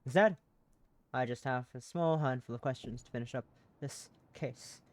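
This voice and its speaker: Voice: mid-range voice, moderate pace, darkish tone, close to an everyday voice. A streamer reading a courteous detective. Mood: polite. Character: courteous detective questioning a witness. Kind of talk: reading a game character aloud.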